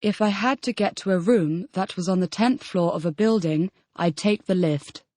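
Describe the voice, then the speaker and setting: A woman voices the model student in a scripted audio language course, giving full-sentence answers that repeat each question. She keeps a moderate pace in a slightly mellow, mid-range voice, recorded in clean studio quality with no room sound.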